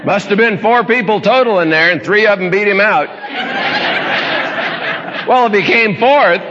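Joking, folksy preacher in a large hall. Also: male voice, high voice, normal speed, highs cut off, heavy background noise. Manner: joking, folksy, storytelling, chuckling asides. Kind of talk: humorous sermon storytelling.

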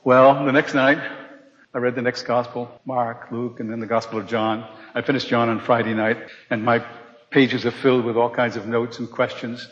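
Animated male storyteller in an echoing hall. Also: mid-range voice, moderate pace. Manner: animated storyteller who acts out voices. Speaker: speaker giving a personal testimony. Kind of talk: storytelling testimony to a live audience. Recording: dull recording in a large reverberant hall.

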